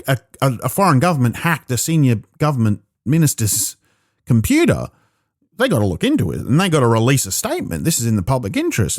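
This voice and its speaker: A man with an Australian accent doing a profane, animated stand-up set alone in his own room, stammering into restarts. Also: on the high side, no room sound, studio quality. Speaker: stand-up comedian. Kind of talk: stand-up comedy performed alone.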